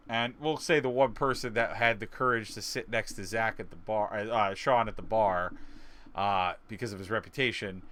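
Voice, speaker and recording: A man's voice: medium pitch, a bit bright. A man narrating as game master of a tabletop game, rambling with frequent fillers and laughs.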